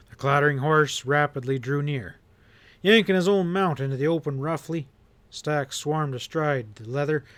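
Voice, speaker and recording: A man narrating a western novel audiobook in a steady storytelling delivery. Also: on the high side, no echo. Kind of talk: reading a western novel aloud.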